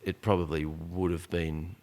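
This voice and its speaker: Podcast guest, male, around 40, deep voice, loose storyteller who keeps restarting. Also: flat delivery, measured pace, darkish tone. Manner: rambling, full of restarts and "like". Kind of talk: casual storytelling conversation.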